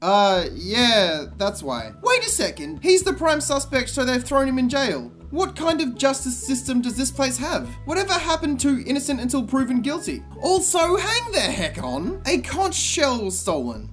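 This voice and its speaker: A man giving sarcastic, comedic commentary on a game, with exasperated and deadpan asides. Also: very high-pitched, moderate pace, hardly any pauses, soft background music.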